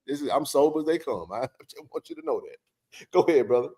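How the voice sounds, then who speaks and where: A man's voice: medium pitch, animated, a little fast, mellow. A middle-aged man hosting a live sports stream, talking with passionate, blunt, emphatic energy and plenty of slang.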